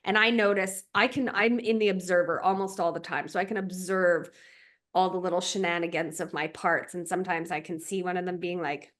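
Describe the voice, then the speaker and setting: A relationship coach speaks in a lowish, steady, fairly bright voice at a brisk pace. In a conversational podcast style, she reflects on ideas and explains them through everyday examples and checklists.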